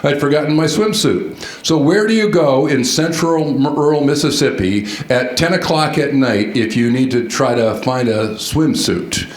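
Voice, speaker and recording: A man giving a storytelling keynote at a conference, animated and quizzing the audience with questions. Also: medium pitch, moderate pace. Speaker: conference speaker. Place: large conference hall. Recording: echoey hall sound.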